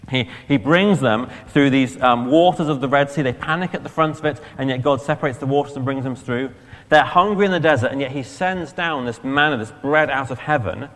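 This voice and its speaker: Preacher, male, raised voice, chatty all-age sermon, big echoing church. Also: fairly high pitch. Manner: lively, conversational, asks the children questions. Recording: long church reverb.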